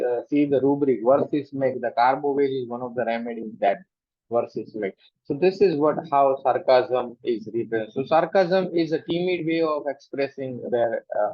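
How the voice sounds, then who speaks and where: A man giving an online lecture as host of a reading club, explaining in a measured way and often starting sentences with "so". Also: medium pitch, dry recording. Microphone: online meeting audio. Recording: dull, lo-fi online call audio.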